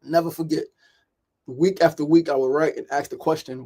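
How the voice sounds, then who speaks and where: A man's voice: a little high, steady tone, moderate pace, a little mellow. A middle-aged man hosts a motivational daily talk show, speaking emphatically, repeating himself and often asking "right?". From New York City. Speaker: host.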